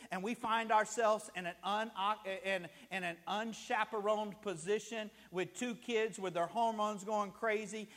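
A man's voice: high-pitched, a bit bright, big-room sound. A man preaching a sermon as pastor, telling stories and acting out the people in them. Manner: storytelling preacher, acts out scenes with rising emotion. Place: church sanctuary.

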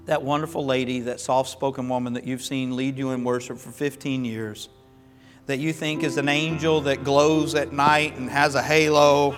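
A pastor from Florida and the American South preaching a sermon, telling stories in a folksy, humorous, animated way. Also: male voice, a little high. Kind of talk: sermon with storytelling. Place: church sanctuary. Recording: long hall reverb with faint music.

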